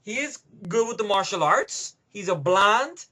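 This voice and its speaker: Animated, swearing man ranting about movies. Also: high voice, measured pace. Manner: profane, rambling, emphatic. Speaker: movie reviewer.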